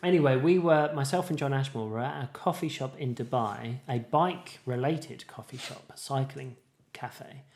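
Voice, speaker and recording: Man, podcast co-host, casual chat, rambling, mid-pitched voice, full of ums. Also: moderate pace, a little mellow. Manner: rambling, many fillers and restarts.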